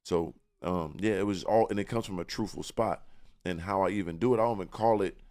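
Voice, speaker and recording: A young rapper, guesting on a podcast, talks about himself with boastful confidence and street slang in a casual interview. His voice is low, a little fast and a little mellow.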